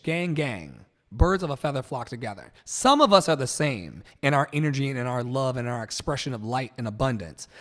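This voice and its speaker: A man from Virginia hosting a livestream, delivering an impassioned, preachy monologue with sudden loud outbursts and soft asides. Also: medium pitch, in a large hall. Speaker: livestream host.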